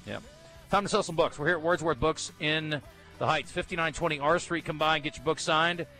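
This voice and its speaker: A man hosting live sports radio, talking fast in an easygoing, joking way. His voice is bright and forward. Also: a little high, faint music behind. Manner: easygoing, quick banter. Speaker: radio sports talk host. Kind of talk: casual radio chat. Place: bookstore, live broadcast.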